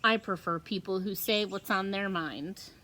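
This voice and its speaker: A woman voicing an easygoing, friendly middle-aged father with a relaxed, chuckling manner. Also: mid-range voice, normal speed, close to an everyday voice.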